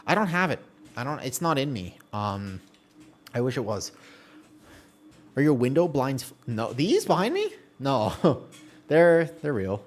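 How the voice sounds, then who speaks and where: A man's voice: mid-range voice, wildly swooping pitch, a little slow, pauses often. A man streaming a game, chatting casually with his viewers and answering their messages as he plays, often laughing and trailing off mid-sentence. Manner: chatty, reads and answers viewer chat while playing. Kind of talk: casual live-stream chat.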